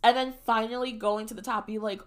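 A young woman hosting a podcast, telling a personal story in a casual, animated and dramatic way. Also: on the high side, a little fast. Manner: animated and dramatic, shrieks when reliving moments. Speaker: podcast host.

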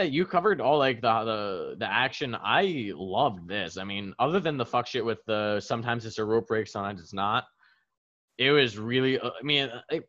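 A man with a mid-range voice rambles excitedly in casual chat, scattering "like" and "um" through his sentences. The recording sounds dull and lo-fi. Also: medium pitch. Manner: rambling, lots of "like", animated. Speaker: podcast co-host.

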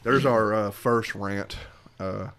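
A man's voice: fairly low pitch, takes it slowly, fairly bright tone. A man co-hosting a podcast, chatting casually in a rambling, hesitant way with lots of fillers. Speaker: podcast co-host. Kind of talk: casual chat.

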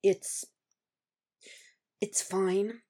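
A woman voicing a hurt, wary young man who speaks softly and hesitantly, his voice cracking, in a storybook reading. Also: deep voice, normal speed. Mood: shaken. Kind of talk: audiobook reading of fan fiction.

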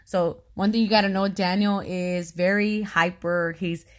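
A woman in her thirties chatting casually as a podcast co-host, talkative and quick to laugh. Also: medium pitch, steady tone. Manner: chatty, laughs often, talks a lot. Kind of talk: casual conversation.

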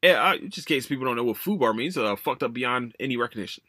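A man's voice: mid-range voice, fast, slightly rough, no room sound, studio quality. A man hosting a casual solo podcast, ranting with lots of swearing and restarts. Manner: animated, profane ranting with many restarts. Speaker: podcast host.

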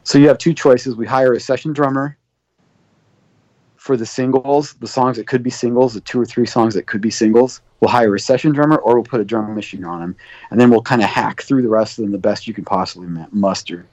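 A man's voice: medium pitch, a little fast, a little mellow, dry recording. A man guesting on an interview show, telling long rambling stories full of fillers and acting out quoted dialogue. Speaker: guest, record producer. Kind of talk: casual interview storytelling. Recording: dull lo-fi dry sound.

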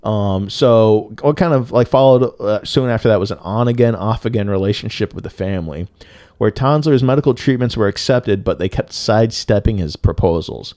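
A man's voice: lowish voice, moderate pace, darkish tone, dry recording, clean studio sound. A man co-hosting a podcast, telling a story in a loose, profane way with lots of filler words. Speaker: podcast co-host. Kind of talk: casual storytelling chat.

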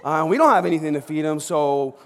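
A man's voice: on the high side, expressive, a little fast. A man voicing a hungry, sheepish apostle Peter who hesitates and hems as he talks, in a large hall. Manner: hesitant, hemming and stammering. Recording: long reverb of a large hall.

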